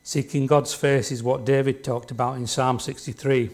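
A man's voice: medium pitch, flat delivery, normal speed, a little mellow. A man delivering a sermon from the front of a church. His delivery is plain and conversational, with a middle-range voice. He keeps asking the congregation "isn't it?" and "don't we?" to keep them involved. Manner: conversational, leans on tag questions to the congregation. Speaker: preacher.

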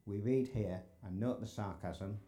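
A man's voice: on the low side, unhurried, warm tone. A man preaching a sermon in a church sanctuary, earnest and building to emphatic exclamations.

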